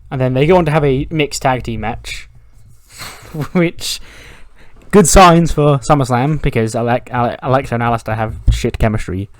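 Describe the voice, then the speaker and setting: A man narrating a wrestling management game playthrough in a casual, animated way, acting out the characters' lines. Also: medium pitch, normal speed, no room sound. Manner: animated, acts out the wrestlers' dialogue, swears freely. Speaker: gaming commentator.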